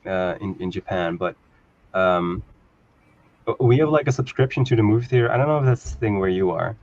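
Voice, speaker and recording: A man's voice: fairly low pitch, animated, brisk, darkish tone, muffled recording. A man chatting casually on a video call, telling a long rambling story and laughing often. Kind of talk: casual chat.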